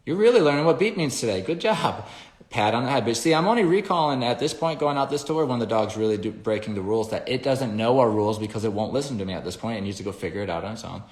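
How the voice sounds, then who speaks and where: A man who trains dogs, explaining his method in a casual, animated way, acting out the commands he calls to the dogs. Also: lowish voice, roomy sound. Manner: animated storytelling, acts out commands with sharp raised calls; swears casually. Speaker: dog trainer.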